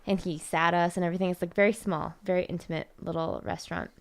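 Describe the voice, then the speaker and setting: Giggly woman telling a story, low-ish voice. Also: steady tone, fast, gravelly. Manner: giggly, laughs through her storytelling. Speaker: co-host, married to the other host. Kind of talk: casual chat.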